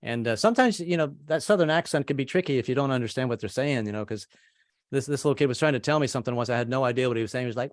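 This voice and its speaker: A man's voice: medium pitch, rapid-fire, no echo, clean studio sound. A man doing a stand-up comedy set, rambling, repeating words and acting out voices. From American, family from Kentucky.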